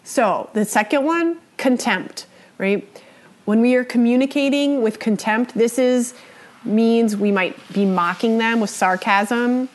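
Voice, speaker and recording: A woman's voice: a little high, measured pace. A woman teaching a lesson on relationships, explaining in a conversational way, checking in often with "right?" and acting out example quotes in a raised voice. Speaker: relationship educator. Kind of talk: spoken lecture on relationships.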